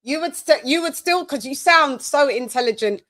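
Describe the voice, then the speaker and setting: A bright, fairly high-voiced woman from the UK chats on a live stream. She talks in an animated, exclaiming way, like she is riffing with a friend. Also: normal speed. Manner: chatty, animated, laughs and exclaims. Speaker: host. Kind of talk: casual live-stream chat.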